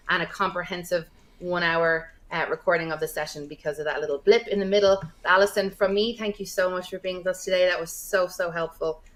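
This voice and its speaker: A woman's voice: on the low side, a bit bright. A woman co-hosting an online session, giving enthusiastic thanks and closing notes. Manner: enthusiastic and grateful. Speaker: co-host.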